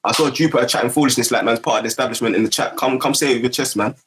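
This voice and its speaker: A man's voice: medium pitch, very fast, fairly bright tone, a little hiss or hum, low-quality recording. London man rambling on a livestream. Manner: rambling, heavy street slang, keeps asking "you get me". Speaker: livestream host. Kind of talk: casual livestream chat.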